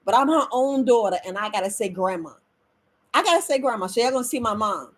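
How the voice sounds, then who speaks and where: Middle-aged woman, herbal-remedy live streamer, husky, a bit high, animated. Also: fast. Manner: animated, preachy, addresses viewers as family. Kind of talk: casual live-stream talk. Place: at home.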